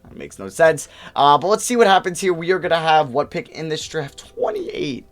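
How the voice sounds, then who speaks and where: A young man talks through a video game in casual commentary, his pitch swinging widely between flat musing and sudden excited jumps. He thinks aloud, reacts quickly, and keeps an easy, chatty flow at a desk mic. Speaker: gaming YouTuber.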